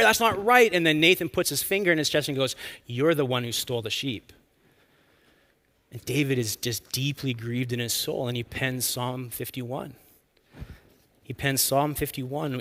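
A man preaching a sermon in an earnest, expressive way, drawing out key lines for emphasis. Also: a little high. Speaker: pastor.

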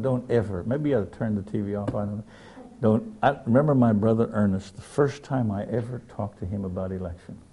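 A man's voice: fairly low pitch, warm tone, husky. An older man preaching a sermon, telling stories in an earnest, direct way. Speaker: pastor.

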